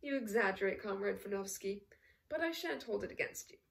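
A woman reading the lines of a poised, disarming actress with gentle teasing charm. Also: mid-range voice, expressive, fairly quick, vocal fry, recorded from a distance. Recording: voice set back from the mic.

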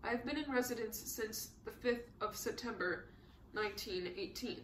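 A woman's voice: fairly high pitch, normal speed, a bit bright, reverberant, a little hiss or hum, close to an everyday voice. A woman voicing a witty, unflappable aristocratic count who answers with dry, polite humor. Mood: droll.

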